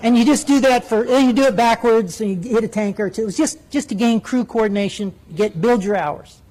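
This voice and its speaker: A middle-aged man, a retired military pilot, telling a story with lively, acted-out radio voices. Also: sits high, fairly quick, poor audio. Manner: animated storyteller who acts out radio voices. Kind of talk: storytelling speech.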